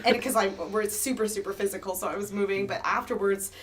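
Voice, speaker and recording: A woman's voice: mid-range voice, steady tone, brisk, a little hiss or hum. A woman writer and performer telling a funny anecdote casually in an interview, laughing as she goes.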